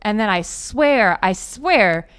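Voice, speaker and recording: A woman in a relaxed podcast conversation, telling a story with lots of animation. She jumps into her own quoted pleas and shouts as she goes. Her voice is smooth and clear, at an ordinary pitch for a woman. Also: slow pace. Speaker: podcast guest. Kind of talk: casual storytelling chat.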